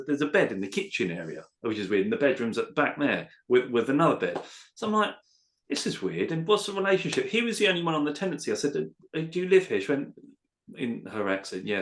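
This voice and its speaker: A man, a letting agent, telling a workplace anecdote in a casual, animated way and acting out quotes. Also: medium pitch. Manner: animated storyteller, acts out quotes.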